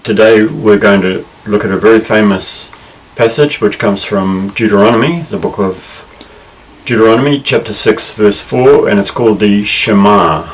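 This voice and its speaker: Man, Hebrew teacher, very low voice, halting with fillers, slightly distant mic, faint background noise. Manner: unhurried, halting, with frequent fillers and restarts. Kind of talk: recorded language lesson.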